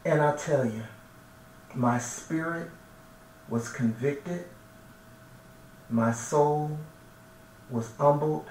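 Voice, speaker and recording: Here the minister's fairly high, slightly mellow voice moves extremely slowly, with frequent pauses. He gives an emotional, earnest personal testimony, repeating himself as he looks for words. Faint noise, a far-off mic, and room echo color the recording.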